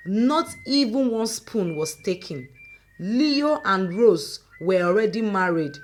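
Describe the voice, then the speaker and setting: A woman doing a calm, firm older mother. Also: mid-range voice, slight background noise. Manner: calm, measured, firm warnings. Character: calm, firm middle-aged mother-in-law.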